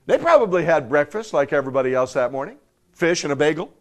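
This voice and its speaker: A man preaches a sermon to a live congregation in a voice pitched a little above the usual male range. He swings from loud, emphatic bursts down to hushed, low lines. He keeps firing rhetorical questions at his listeners. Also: big pitch swings, fast talker. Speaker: pastor.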